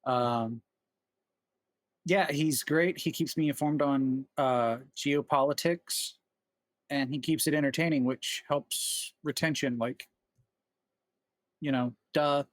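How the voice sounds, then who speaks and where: A man's voice: mid-range voice, fairly even intonation, takes it slowly, pauses often, no echo. A man hosting a reaction video, chatting casually with rambling jokes and unsure asides.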